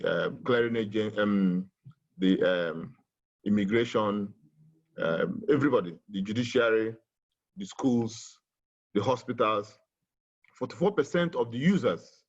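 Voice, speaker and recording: A middle-aged man speaking in a webinar, halting with many fillers and slow and emphatic when he reads aloud. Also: fairly low pitch, lo-fi sound. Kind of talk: webinar talk with a poem reading. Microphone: video call.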